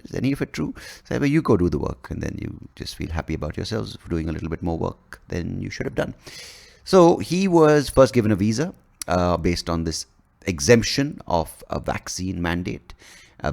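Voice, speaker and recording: A man rambles through a comic podcast monologue, swearing freely and poking fun at himself. His low voice is gravelly and rises and falls in lively swings. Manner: profane, rambling, self-mocking. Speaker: podcast host. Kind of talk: comedic monologue.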